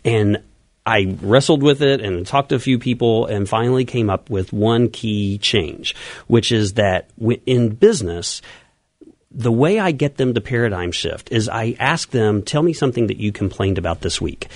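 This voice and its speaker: A man's voice: medium pitch, unhurried, dry recording, clean studio sound. A man being interviewed on the radio as an event organizer and coach, explaining his plans eagerly and at length.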